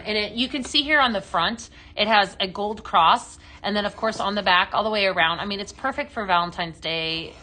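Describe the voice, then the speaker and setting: Bright-voiced woman hosting a live sale. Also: mid-range voice, a little hiss or hum. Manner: chatty, upbeat sales patter with many fillers. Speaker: home-fragrance live-sale host. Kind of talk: casual live-stream product demo.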